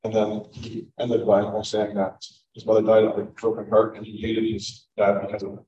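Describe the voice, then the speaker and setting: A man teaching a sermon as a pastor, in a measured, halting way. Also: on the low side, completely flat delivery, a crowd in the background. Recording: roomy, distant, dull recording.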